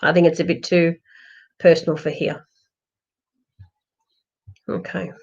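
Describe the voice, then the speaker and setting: A woman's voice: on the low side, flat delivery, a little slow, creaky, slightly rough. Reassuring woman psychic, lo-fi stream. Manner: reassuring, rambling with many fillers and restarts. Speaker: psychic medium. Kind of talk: live-streamed psychic readings. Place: home, during a lockdown. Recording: dull lo-fi livestream audio.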